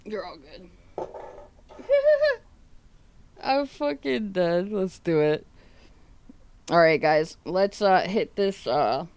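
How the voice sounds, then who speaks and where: A woman's voice: low-pitched, slow pace, pauses often, a little mellow, slight background noise. A woman streamer chatting casually on a livestream, swearing a lot and retelling what family and chat said. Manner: laughing, swearing, retelling chats with friends and family. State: coughing.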